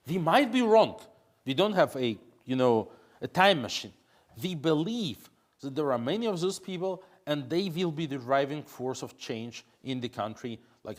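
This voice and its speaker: A man, answering interview questions in English with frequent fillers and restarts. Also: a little high. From Russia. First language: Russian. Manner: hesitant, many fillers and restarts. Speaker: interview guest, opposition politician.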